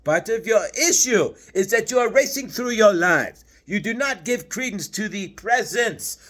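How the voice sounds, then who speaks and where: A man's voice: extremely high pitch, fairly bright tone. A man channeling a patient, preachy male spirit master, lecturing through earnest rhetorical questions.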